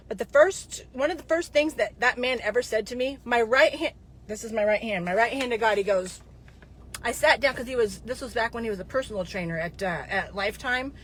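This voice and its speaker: A woman's voice: sits high, a bit bright. A woman in her fifties talking casually to her viewers, rambling from one story to the next, with frequent digressions and restarts. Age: 50s.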